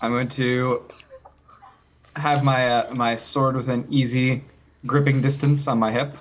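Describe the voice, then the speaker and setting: Male player, level and deliberate. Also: medium pitch, little pitch movement, a little hiss or hum. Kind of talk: tabletop role-play chat.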